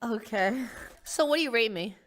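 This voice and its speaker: A woman's voice: on the high side, expressive, normal speed, noisy background. A woman chatting casually, flustered and pleading. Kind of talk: casual chat.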